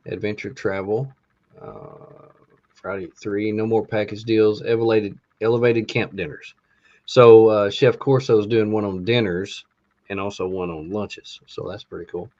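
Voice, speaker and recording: A lower-pitched man talks casually on a podcast and works his way through a list of classes with plenty of ums and uhs. The sound is dull and lo-fi, with the top end cut off. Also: a little mellow. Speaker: podcast co-host.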